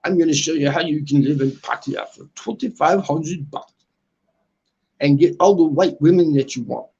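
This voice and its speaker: A man's voice: on the high side, normal speed, gravelly, mellow, breathy edge, dull audio. A man putting on a mock British accent to play a boastful man lounging with cognac. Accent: put-on British. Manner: mocking impression, drawled boasts.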